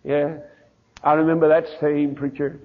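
An older man preaching a sermon, telling stories in a folksy way, his voice quiet at times and rising at others. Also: fairly high pitch, level tone, moderate pace. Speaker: pastor. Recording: tinny phone-like old sermon recording.

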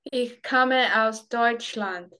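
Bright-voiced woman from China, slow and careful. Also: on the high side. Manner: short, careful repetitions. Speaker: language learner. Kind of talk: lesson practice responses.

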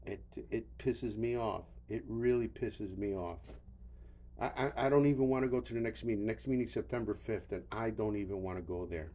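A man's voice: on the low side, moderate pace, mellow, muffled recording. An older man hosting a solo podcast, rambling wearily with profanity and stammered restarts, tired and yawning. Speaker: podcast host.

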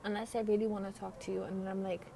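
A woman's voice: medium pitch, level tone, rapid-fire, vocal fry. Congested young woman host, loose slangy podcast ramble, faint hiss behind. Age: teens. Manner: rambling, slangy, swearing, giggly. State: congested from a cold. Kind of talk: casual late-night monologue. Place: by a window at night.

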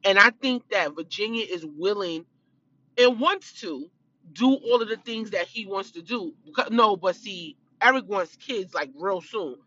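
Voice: medium pitch, animated, measured pace, sharp tone, highs cut off. A speaker giving blunt, opinionated casual commentary on a reality show, stressing points by repeating them.

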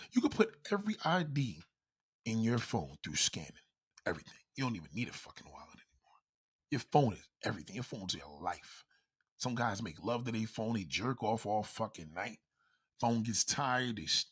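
A man ranting in a loud, profane, comedic style, constantly swearing and acting out quoted voices. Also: medium pitch, breathy edge.

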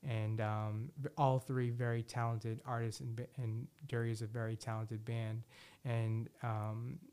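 Male podcast host, mid-pitched voice, loose casual ramble full of "you know" and f-bombs. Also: level tone, a little slow, a little mellow, clear, resonant tone. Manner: rambling, many restarts and "you know" fillers, frequent swearing; enthusiastic about music predictions. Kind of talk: casual solo talk.

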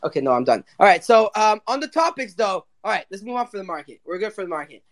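A man hosting a casual live audio chat, excitable and rambling, often breaking into giggles. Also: sits high, fast, over a noisy crowd. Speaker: podcast host.

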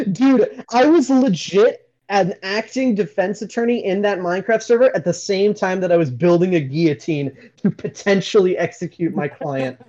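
A young man in casual chat, telling stories with energy and laughing loudly. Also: sits high, moderate pace. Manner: animated storyteller, laughs loudly. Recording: dull lo-fi audio.

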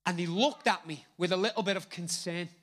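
High bright animated male preacher. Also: fairly quick. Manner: animated, jokey, repeats words for emphasis. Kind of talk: sermon.

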